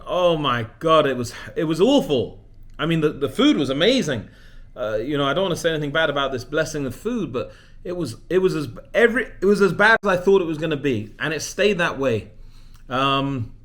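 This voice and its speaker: Animated man telling a story. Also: medium pitch. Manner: animated, self-mocking storytelling. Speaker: vlogger. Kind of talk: casual vlog monologue.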